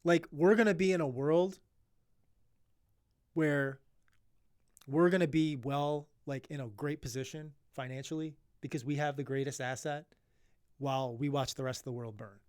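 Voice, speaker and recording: Earnest rambling man, higher voice. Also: fairly even intonation, moderate pace, pauses often, a little mellow, clean tone, no echo, studio quality. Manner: earnest, rambling, many restarts and fillers. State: emotional. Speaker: podcast co-host. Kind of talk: casual podcast chat.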